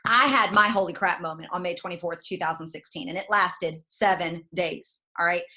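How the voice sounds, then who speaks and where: A woman's voice: on the low side, moderate pace. Folksy woman giving a pep talk. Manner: folksy, direct, animated, says "y'all" a lot. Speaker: guest network marketing leader. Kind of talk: motivational talk.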